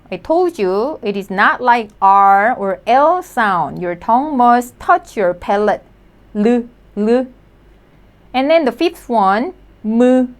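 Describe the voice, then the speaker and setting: A woman leads a beginner lesson. She talks slowly and patiently, repeating each sound. Her voice sits a little high and moves up and down a lot. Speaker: Korean language teacher. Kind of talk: slow spoken lesson.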